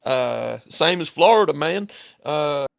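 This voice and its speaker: Australian man, gravelly and dry-voiced, rambling chat host who swears freely. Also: a little high, animated, slow pace, no echo. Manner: blunt, crude, rambling with many fillers. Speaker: livestream host. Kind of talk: casual chat.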